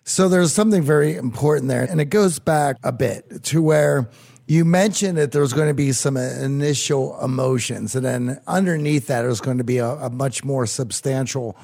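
Gravelly male co-host thinking aloud. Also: medium pitch, normal speed, darkish tone. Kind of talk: reflective interview commentary.

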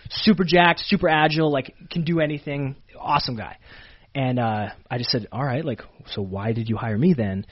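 A man's voice: mid-range voice, normal speed, slightly rough, muffled recording. A man from Canada, a pro wrestler telling stories in a casual interview, full of fillers and restarts. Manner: animated storyteller, many fillers and restarts.

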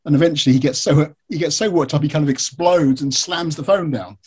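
A man from England, an author being interviewed, who tells stories in a lively way with many fillers and restarts. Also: fairly high pitch, brisk, husky. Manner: animated storytelling, frequent fillers and restarts. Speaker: author and biographer, interview guest. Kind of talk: conversational interview.

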